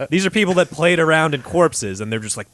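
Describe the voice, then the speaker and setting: A man's voice: a little high, fast talker, no echo. A man co-hosting a podcast, telling a story in casual, profane chat and laughing often. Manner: laughing, swearing, animated retelling with quoted voices.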